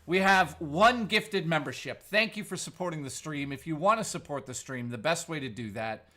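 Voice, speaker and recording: A man's voice: on the high side, normal speed. A man hosting a live stream, chatting casually with his viewers and trading crude, playful jokes with them. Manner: crude, joking banter with chat; animated, playful. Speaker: livestream host.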